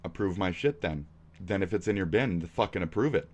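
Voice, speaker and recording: A man streaming reactions, combative and sarcastic, swearing and swinging from shouts to mutters. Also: sits low, lively intonation, fairly quick. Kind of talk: profane reaction stream commentary.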